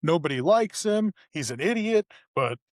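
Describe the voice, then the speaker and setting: A middle-aged man, co-hosting a podcast and ranting about local politics in a profane, animated way. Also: normal speed, no echo, studio quality. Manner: profane, animated storytelling with sudden pitch jumps. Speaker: podcast co-host. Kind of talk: casual ranting chat. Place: studio.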